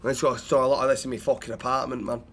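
A man streaming a role-play game, swearing constantly and rattling off quick thanks to viewers. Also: medium pitch, little pitch movement, a bit bright, husky. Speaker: livestreamer. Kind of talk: live gameplay commentary and role-play.

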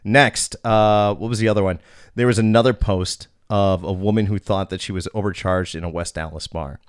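A man's voice: lowish voice, steady tone, moderate pace, clean tone, no room sound, clean studio sound. Blunt, profane man telling bar stories. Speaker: podcast host and bouncer. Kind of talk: casual storytelling chat.

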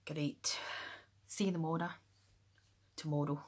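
A woman from near Glasgow with a West of Scotland accent, explaining Scottish slang softly in a playful way, often dropping to a whisper and spelling words out slowly. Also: deep voice, husky. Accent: West of Scotland (Glasgow area). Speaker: YouTuber. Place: room at home with the window open.

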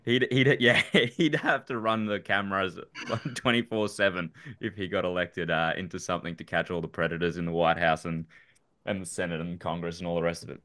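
Deep, bright-toned podcast host. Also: male voice, steady tone, brisk. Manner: rambling, stumbling restarts, chuckling. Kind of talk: casual chat.

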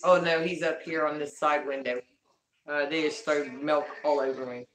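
A woman's voice: sits low, fairly even intonation, moderate pace, echoey room. A woman chatting casually on a livestream, greeting viewers by name and talking to her pets at home.

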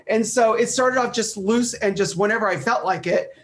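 A middle-aged man chatting as an interview guest, animated and storytelling, often repeating phrases, heard over a video call. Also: high voice, normal speed. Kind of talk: casual interview chat.

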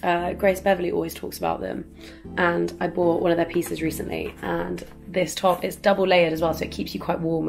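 Chatty hoarse woman in her twenties. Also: fairly low pitch, brisk, music in the background. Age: 20s. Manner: chatty, rambling, often laughing. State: slightly hoarse. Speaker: vlogger. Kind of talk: casual vlog chat. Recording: echoey room with faint ambience.

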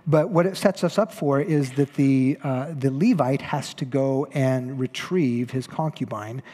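A man's voice: mid-range voice, a little slow, dark tone, big-room sound. A man preaching a sermon, retelling a story conversationally with playful voiced asides for the characters. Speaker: pastor. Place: church sanctuary.

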